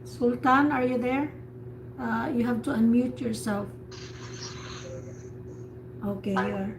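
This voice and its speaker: A woman tutor leading an online speaking practice class, patiently repeating words slowly to model pronunciation over a video call. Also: a little high, steady tone. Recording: echoey room with faint noise, video call.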